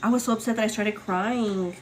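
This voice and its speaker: Young woman chatting on a livestream, lots of likes and girls, squeaky when she quotes people. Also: brisk, loud music behind the voice. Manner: chatty, many fillers, acts out quotes with high excited pitch. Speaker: livestream host. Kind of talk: casual chat, storytelling to viewers.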